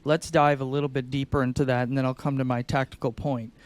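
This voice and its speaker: A man co-hosting a podcast, explaining sales tactics in an energetic, conversational way and acting out sing-song phone calls. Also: mid-range voice, fast talker.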